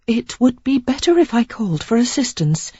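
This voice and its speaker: A prim, sheltered young lady speaks in a high, polite, tentative voice, as a woman narrator puts her on. Her tone is lively, with a husky grain, and the recording is dry and a little dull. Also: moderate pace, dry recording. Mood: anxious, polite. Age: 20s.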